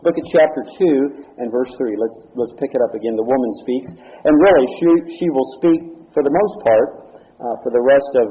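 Earnest man teaching scripture, lo-fi. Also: medium pitch. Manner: earnest, explains verse by verse, repeats words as he restarts. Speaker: Bible teacher. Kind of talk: evening Bible study teaching.

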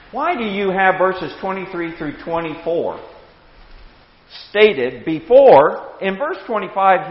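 A man in his sixties teaching a Bible class with anecdotes, animated, chuckling and repeating words as he starts sentences. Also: fairly high pitch. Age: 60s. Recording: echoey hall, dull lo-fi sound.

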